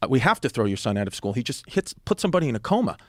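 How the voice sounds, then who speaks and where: A man's voice: medium pitch, sing-song, very fast, dry recording, clean studio sound. A man voicing a strict, blunt school brother who talks in a dismissive way. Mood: stern.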